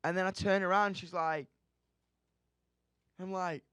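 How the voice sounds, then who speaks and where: A young man, chatting as a musician guest in a radio studio, excitable and rambling, swearing freely. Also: sits high, a little slow, clean tone, no echo. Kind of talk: casual interview chat.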